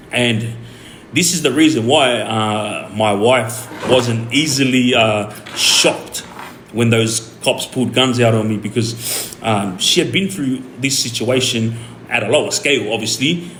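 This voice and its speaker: Australian streamer, mid pitch, rambling storyteller, roomy echo, faint hiss behind. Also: male voice. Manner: rambling and animated, many fillers and restarts. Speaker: streamer telling his story. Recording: echoey room with faint ambient noise.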